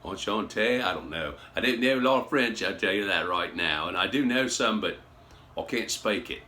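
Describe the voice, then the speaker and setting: A man's voice: sits low, expressive, moderate pace, sharp tone, slight background noise. A man chatting casually as he unboxes on a phone, folksy and rambling, with many fillers and restarts. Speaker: gun hobby vlogger.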